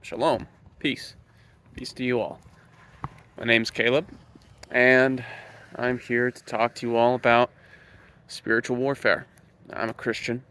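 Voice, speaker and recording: A man giving an earnest preaching monologue to camera, slow and emphatic, leaning on key words. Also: medium pitch, little pitch movement, a bit bright, clear, resonant tone. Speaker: Christian speaker.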